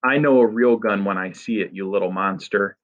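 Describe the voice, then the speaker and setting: A man's voice: on the low side, brisk, narrow, tinny audio, natural voice. A man voicing a big, strong, brutal villain who sneers and threatens. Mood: sneering. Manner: sneering, menacing.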